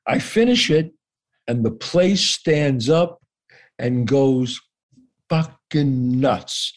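A man's voice: mid-range voice, expressive, drawn-out words. A man telling a story as an interview guest, acting out the dialogue and swearing casually.

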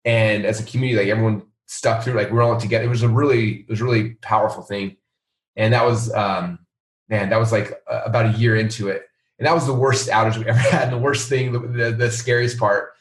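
A middle-aged man, a company founder, telling a story in a casual interview and acting out the people he quotes. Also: fast talker. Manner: animated, acts out quoted voices in a higher pitch. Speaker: founder and CEO of a software company. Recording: roomy sound, a bit off-mic.

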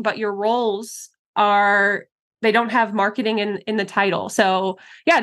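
A woman's voice: a little high, a bit bright. A woman hosting a marketing webinar in a bubbly, casual way, with lots of fillers and laughs. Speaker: podcast host.

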